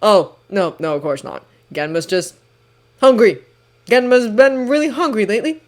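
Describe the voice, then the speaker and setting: A woman's voice: mid-range voice, normal speed, darkish tone, lightly acted. A woman voicing a nervous adult male ninja who stammers through an obvious lie. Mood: flustered. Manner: hesitant, caught in a lie.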